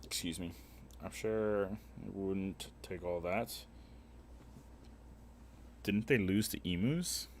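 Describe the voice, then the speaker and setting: This low-voiced man talks slowly with long pauses during a casual livestream, cracking crude jokes, swearing a lot, and rambling with many fillers and restarts. A slight hiss or hum runs underneath.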